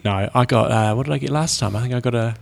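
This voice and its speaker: A man's voice: medium pitch, quick pace, vocal fry, no room sound. A man co-hosting a podcast as a coach, giving dry, understated replies. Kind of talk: casual chat.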